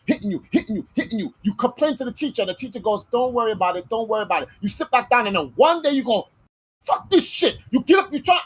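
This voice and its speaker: A woman's voice: on the high side, husky, low-quality recording. A woman hosting a podcast in casual chat, talking bluntly and heatedly with plenty of swearing. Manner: heated, blunt and profane, arguing a point. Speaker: podcast host.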